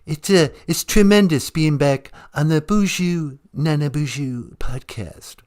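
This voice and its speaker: A man's voice: a little high, measured pace, darkish tone, voice pushed up, close to an everyday voice. A man doing a hesitant, half-remembered impression of a politician in a casual podcast bit. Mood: mock pompous. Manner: hesitant, gives up.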